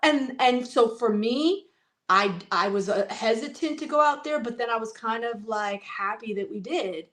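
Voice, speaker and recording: A woman talks in a relaxed, chatty way with a fairly high voice. She jumps between thoughts, restarting and adding asides as she goes. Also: moderate pace. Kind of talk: casual chat.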